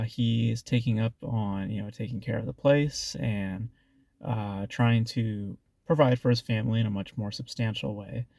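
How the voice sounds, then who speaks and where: A man's voice: fairly low pitch, creaky, warm tone, dry recording. A man with a congested voice hosting a casual film review, rambling with many fillers and restarts.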